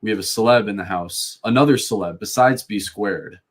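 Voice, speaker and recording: A man's voice: on the low side, moderate pace. A man from the Boston area co-hosting a live sports show, easygoing and chatty, reading out viewer donations. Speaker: co-host. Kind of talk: casual live show chat.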